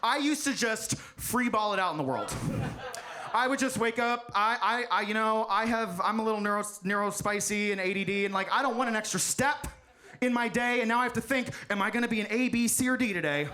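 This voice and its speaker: A man performing a stand-up comedy set, loud and animated, often bursting into shouts. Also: sits high, brisk. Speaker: stand-up comic.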